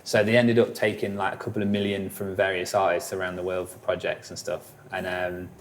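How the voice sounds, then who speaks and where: A man's voice: deep voice, completely flat delivery, a little fast, a little hiss or hum. A man, a musician guest telling rambling stories in a casual interview, full of fillers and swearing.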